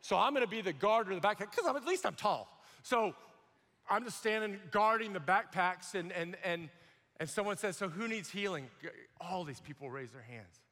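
In a large hall, a young man preaches a sermon built on his personal testimony. He tells it vividly and fairly quickly, acting out voices and shouting at the climactic moments.

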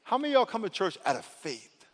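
A male pastor preaching an animated sermon in a church, calling on the congregation to answer back. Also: high voice, quick pace. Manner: animated, calls for congregation responses. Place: church sanctuary. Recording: long hall reverb.

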